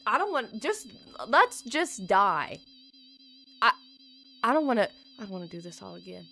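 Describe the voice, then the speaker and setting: A woman streaming a video game live, swinging between shrieks and hushed, repetitive disbelief as she talks to her chat. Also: medium pitch, very animated, fast, creaky, soft background music. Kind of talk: live gameplay commentary.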